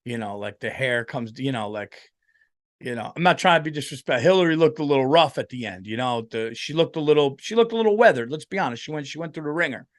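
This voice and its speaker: A man's voice: mid-range voice, lively intonation, fast, no echo, studio quality. A tired man hosting a comedy podcast, rambling and swearing freely in a casual monologue. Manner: profane, rambling, lots of fillers.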